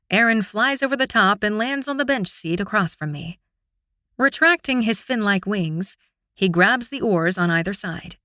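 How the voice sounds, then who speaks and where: Expressive woman narrating a fantasy audiobook. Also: mid-range voice, no room sound, studio quality. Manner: expressive, intimate storytelling.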